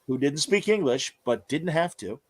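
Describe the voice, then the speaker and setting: A man's voice: a little high, lively intonation, moderate pace. A man hosting a casual interview podcast, telling long rambling anecdotes full of fillers. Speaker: podcast host.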